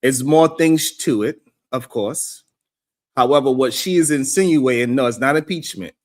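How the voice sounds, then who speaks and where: A host of a live call-in stream who talks casually, reacts to viewer comments and mocks critics with exaggerated voices. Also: male voice, mid-range voice, normal speed.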